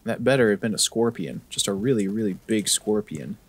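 A man's voice: on the low side, lively intonation, fairly quick, slightly rough. A man commenting on a horror game as he plays, with joking, sarcastic asides. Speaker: gaming video host. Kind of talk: let's-play commentary.

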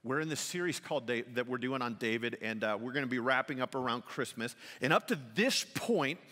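A middle-aged man preaching a sermon as pastor, telling a lively story and then speaking softly and intimately to the congregation. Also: medium pitch, fairly quick. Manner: animated storytelling that drops to a soft, intimate appeal. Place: church sanctuary. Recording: long church hall reverb.

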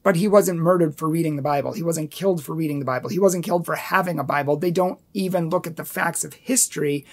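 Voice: medium pitch, fast. A Catholic apologetics host rebutting a book in an emphatic commentary video, repeating points for stress and challenging viewers directly.

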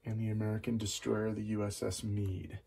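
A man narrating his own board game turn by turn, calling out each dice roll in a steady, methodical way. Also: on the low side, moderate pace, vocal fry, husky. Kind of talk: play-by-play board game commentary. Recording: loud background noise.

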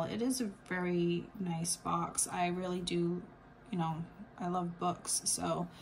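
A woman unboxing vlogger chats casually about a subscription box, rambling with plenty of fillers and restarts while she has the hiccups. Her voice is fairly low, and there's a little hiss or hum.

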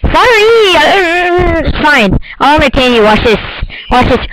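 A man's voice: extremely high pitch, expressive, unhurried, background noise. A teenage boy rambling and joking through casual let's-play commentary of a horror game. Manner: goofy, rambling, jokey. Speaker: gamer.

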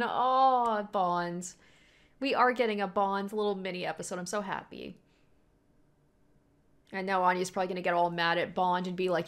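Young woman, reaction host, gushing and animated, mid-pitched voice. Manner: animated, gushing, laughs often. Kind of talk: casual reaction commentary.

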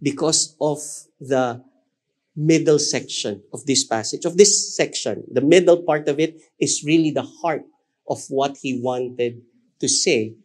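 A man preaching a sermon as pastor, pressing points with emphasis and dropping to slow, soft repetition. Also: medium pitch, husky.

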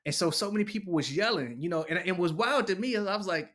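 Animated man telling prison stories. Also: high-pitched, quick pace. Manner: animated storyteller, slangy, acts out voices, laughs often. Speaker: interviewee, poet. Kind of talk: casual storytelling interview.

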